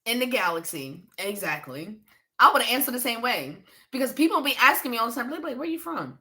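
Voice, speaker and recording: Hosting a psychic-reading livestream, this woman from Pennsylvania replies to viewers' comments bluntly and casually, laughing and cursing a lot. Her voice sits a little high and sounds bright and forceful, with an animated, brisk delivery.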